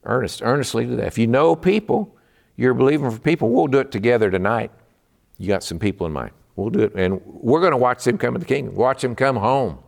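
A man's voice: mid-range voice, animated, a little fast, gravelly. A man from Texas preaching a midweek sermon in a fervent, emphatic way. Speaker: pastor.

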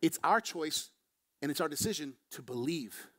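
A man preaching a sermon as pastor, moving between quiet, slow passages and quick, raised emphatic bursts. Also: fairly high pitch, animated. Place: church.

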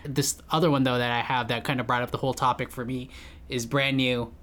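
A woman with an extremely low voice co-hosts a podcast. She chats in a relaxed way. She reacts and laughs along with her partner. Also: brisk. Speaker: podcast co-host. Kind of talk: casual chat.

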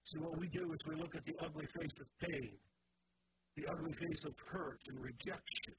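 Impassioned high-voiced male pastor preaching. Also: fairly even intonation, moderate pace. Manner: impassioned preaching, swings from soft to shouting. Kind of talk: sermon. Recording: noisy church recording.

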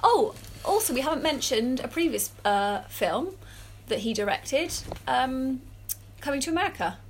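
A woman co-hosting a podcast in casual chat, bubbly and excitable. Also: high-pitched, normal speed, a little hiss or hum. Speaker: podcast co-host.

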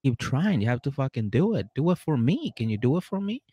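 A man's voice: medium pitch, sing-song, brisk, warm tone, husky. A man playing a drunk, pushy young wife who keeps demanding effort from her husband, swearing as she pushes.

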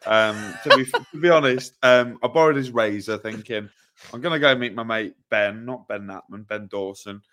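A man's voice: on the low side, normal speed, bright, forceful tone. A young man with a self-mocking way of telling stories, co-hosting a casual football podcast chat. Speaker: podcast co-host.

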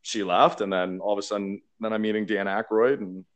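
A man from Canada telling stories in casual chat, animated and laughing as he acts out quotes. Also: on the low side, a little fast, crowd noise. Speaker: beverage marketer.

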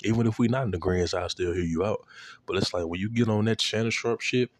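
Guy ranting about basketball, low voice, dry close mic, cussing and fired up. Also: fast, no echo. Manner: animated, profane, fond of repeating himself. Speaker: sports commentator. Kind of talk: casual solo sports rant.

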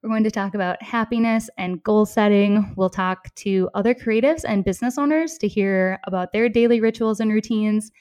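A woman's voice: mid-range voice, moderate pace, hardly any pauses, darkish tone, no room sound, clean studio sound. A woman in her thirties from Minnesota with a Minnesota accent, hosting a solo podcast in a friendly, upbeat manner with small laughs between phrases. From southeastern Minnesota, US. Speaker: podcast host.

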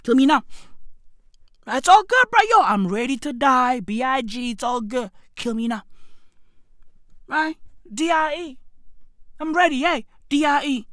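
A woman's voice: high-pitched, unhurried, pauses often, fairly bright tone, dry recording, studio quality. A woman giving a profane, theatrical rant of mock despair in a vlog. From South Africa. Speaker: online commentator. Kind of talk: ranting vlog commentary.

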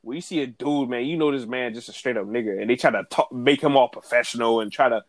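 A man co-hosting a casual wrestling podcast, talking in animated slang and laughing often. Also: mid-range voice, fast talker, no echo. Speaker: podcast co-host.

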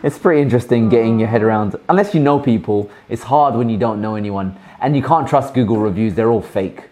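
A man's voice: mid-range voice, fairly quick. A man hosting a live stream, chatting casually and telling long, rambling stories full of restarts. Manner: rambling, animated storytelling with frequent restarts. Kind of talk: casual chat.

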